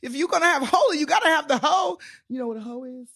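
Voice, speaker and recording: Woman in her 50s, guest comedian; brassy, playful delivery that swings up high for laughs, slightly raised pitch. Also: lively intonation, quick pace, creaky, fairly bright tone. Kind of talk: animated comic storytelling.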